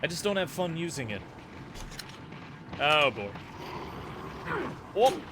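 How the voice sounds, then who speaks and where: A man's voice: fairly high pitch, very animated, slow pace, noisy background. A young man casually commenting and joking while playing a game, exclaiming and humming as he goes.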